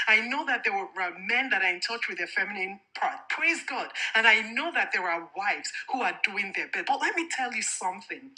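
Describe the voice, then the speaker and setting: Forceful, bright-voiced woman giving frank talk. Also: medium pitch, poor audio. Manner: frank and emphatic, with rhetorical questions. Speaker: podcast host. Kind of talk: casual faith-based relationship talk.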